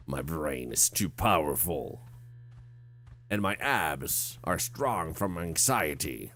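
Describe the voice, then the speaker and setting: A man's voice: rumbling low, big pitch swings, very slow, pauses often, fairly bright tone, soft background music. A man streaming a horror game, chatting casually with viewers, rambling and stammering with self-mocking jokes. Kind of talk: casual livestream commentary while playing.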